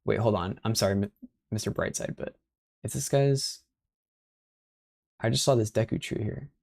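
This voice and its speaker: A man's voice: fairly low pitch, moderate pace, vocal fry, darkish tone. A young man casually chatting and rambling on a livestream, tossing in Spanish phrases and playfully rolling his R's. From Spanish and Sicilian family background.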